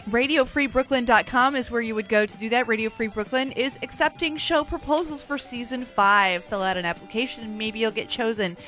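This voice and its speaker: A woman hosting a community radio show in a studio, chatting loosely with guests, swearing freely and filling pauses with "uh". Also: fairly high pitch, a bit bright, faint music behind. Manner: swears freely, many "uh" fillers, loose and joking. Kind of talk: casual on-air banter. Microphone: studio microphone.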